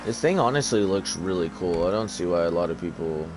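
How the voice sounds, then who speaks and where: Lively in intonation and brisk in pace, this low-voiced man casually comments on a car game as a gaming YouTuber. He sounds sleepy and freshly awake, rambling with lots of fillers, and background noise is present.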